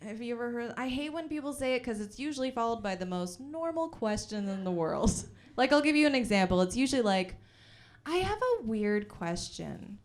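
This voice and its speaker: A woman's voice: on the high side, animated, fast, hardly any pauses. Giggly, rambling woman doing stand-up. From Calgary, Canada. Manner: self-deprecating, rambling, full of fillers and giggles. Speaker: stand-up comic. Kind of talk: stand-up comedy set. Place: house party basement.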